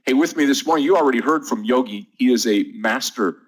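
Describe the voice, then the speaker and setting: A man's voice: mid-range voice, quick pace, low-quality recording. A man hosting a live day-trading room, running through market numbers and greeting viewers by name in an upbeat, chatty way.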